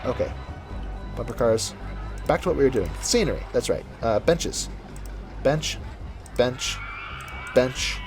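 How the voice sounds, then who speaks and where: A man's voice: mid-range voice, very animated, normal speed, long pauses, music in the background. A man casually commenting on his game as he plays, chatty and rambling, correcting himself as he goes, from the United States. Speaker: gameplay commentator. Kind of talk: casual let's-play commentary.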